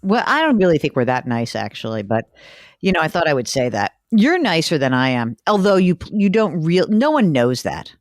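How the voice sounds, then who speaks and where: Lively chatty woman host. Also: deep voice, normal speed, dry recording, studio quality. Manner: chatty, animated storytelling with laughs. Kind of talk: casual chat.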